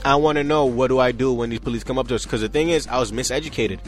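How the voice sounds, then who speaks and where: A young man tells his story in an interview, mid-pitched and animated. He keeps checking in with the listener as he talks. Faint music plays underneath. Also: rapid-fire. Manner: animated, acts out quoted voices, frequent "you know what I'm saying". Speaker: interview guest. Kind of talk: casual storytelling in conversation.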